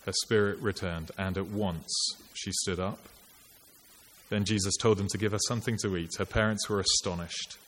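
A man preaching a sermon in an earnest, reflective, conversational way, posing rhetorical questions to his listeners. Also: lowish voice. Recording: long church reverb, faint hiss.

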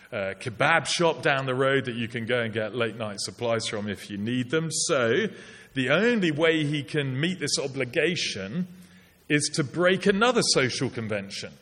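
A man's voice: medium pitch, fairly bright tone. A middle-aged man preaching a sermon in a conversational way with wry asides. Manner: conversational, wry asides with put-on polite voices. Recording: long hall reverb.

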